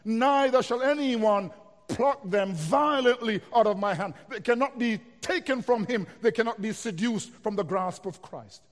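A preacher with a high voice delivers an expository sermon, moving through scripture line by line at a slightly slow pace. He builds into emphatic, declarative passages, and the long reverb of a large hall rings around him.

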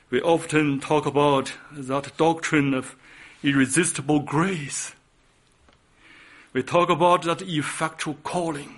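A man preaching a sermon with passion, swinging from loud emphatic peaks to hushed, quiet lines. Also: a little high, steady tone, slow.

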